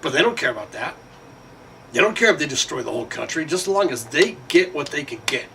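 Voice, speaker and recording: A man talking in a rambling monologue, his voice sitting a little high and sounding bright and tense. He keeps restarting his sentences and leans on fillers and swearing. The mic is set back from him, with a faint hiss underneath. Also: very animated, quick pace, vocal fry. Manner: rambling, profane rant with frequent fillers. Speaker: vlogger. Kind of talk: casual monologue. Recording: distant mic with faint background noise.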